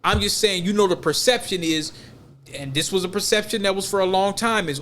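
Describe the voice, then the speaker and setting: High-voiced man rambling on a podcast. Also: a little fast, fairly bright tone, a little hiss or hum. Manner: loose, rambling and emphatic, with slang. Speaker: podcast co-host. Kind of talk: casual podcast chat.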